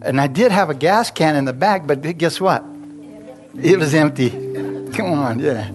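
Chatty storytelling preacher over guitar. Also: male voice, a little high, expressive, unhurried. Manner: chatty, laughs often, asks the congregation questions. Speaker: pastor. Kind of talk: storytelling sermon.

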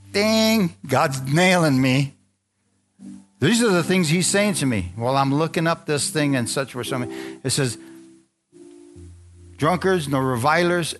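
A man preaching as pastor, reading scripture and telling his own testimony, asking the congregation for amens and rising into excited high peaks. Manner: animated preaching, calls for amen, rises to high excited peaks. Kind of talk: sermon.

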